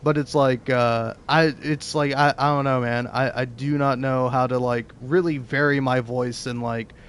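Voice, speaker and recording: A man's voice: medium pitch, steady tone, moderate pace, smooth. A young man doing let's play commentary, rambling, self-deprecating and swearing freely. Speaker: streamer playing a narrative game.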